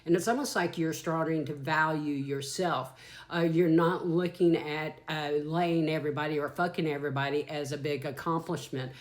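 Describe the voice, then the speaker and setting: Low-voiced woman giving a tarot reading. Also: darkish tone, a little hiss or hum. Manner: chatty and earthy, swears freely, calls listeners y'all and darling. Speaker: tarot reader. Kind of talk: casual channeled tarot reading.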